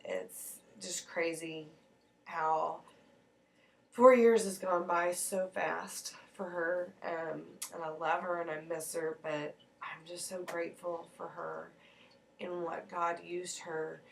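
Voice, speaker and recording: A woman's voice: on the low side, fairly even intonation, slow, vocal fry, a little hiss or hum. Earnest woman talking faith, slightly distant. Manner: earnest, heartfelt, rambling with restarts. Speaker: mother sharing faith reflections. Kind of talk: personal faith vlog.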